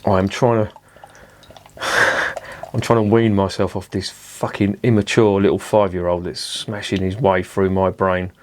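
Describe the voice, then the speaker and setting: A man's voice: low voice, flat delivery, a little slow. A man casually reviewing a beer at home, chatty and self-mocking, swearing freely. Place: indoors at home with curtains drawn.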